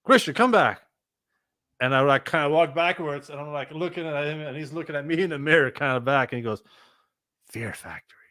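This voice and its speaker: A man telling a long story as a guest on a live chat show, animated and swearing freely as he acts out what people said. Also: a little high, quick pace, few pauses, no room sound, clean studio sound. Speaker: guest musician and former tour manager.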